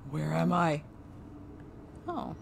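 A woman's voice: low-pitched, sing-song, very slow, gravelly, a little hiss or hum. A woman streaming a game playthrough, chatting casually, laughing often and swearing freely. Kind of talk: casual let's-play commentary.

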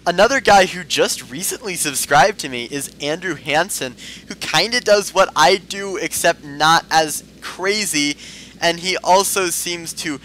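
A high-strung man talks through his gameplay in a playful, put-on voice. His tone is a touch higher than most men's, with a bright, forceful edge, and he gets excitable as he goes. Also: unhurried, a little hiss or hum, rough recording. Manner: playful affected voice. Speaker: gameplay video host. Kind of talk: game commentary.

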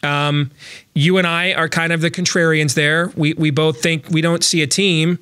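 Bright-sounding guy hosting a sports show, kinda high voice, dry studio mic. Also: flat delivery, normal speed, smooth, no echo. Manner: chatty, many fillers and restarts. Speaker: sports talk show host. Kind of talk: casual sports chat.

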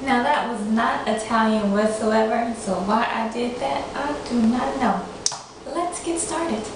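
A woman with a higher-pitched voice speaks slowly while hosting a home cooking demonstration, playfully putting on a mixed accent and laughing at herself. Her kitchen is echoey and noisy, and the mic sits far away.

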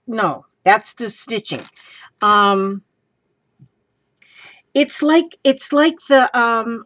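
A woman's voice: a little high, very slow, pauses often, dry recording, dull audio. A woman making a casual craft vlog at home, gushing and exclaiming over her supplies. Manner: gushing, excitable, exclaims often. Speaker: craft vlogger.

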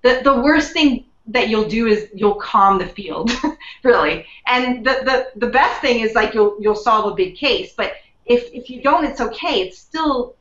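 An upbeat woman explains in a chatty, meandering way, piling up fillers and restarts. Her tone is bright and fairly high. The recording is dull and lo-fi, with a roomy echo behind her. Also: lively intonation, measured pace. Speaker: guest, emotional wellness coach. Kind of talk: conversational explaining. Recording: dull lo-fi sound in a roomy space.

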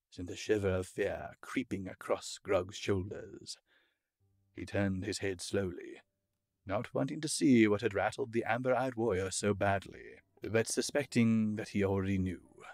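A man narrating a fantasy audiobook in a measured, expressive storytelling manner. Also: on the low side, dry recording, soft background music.

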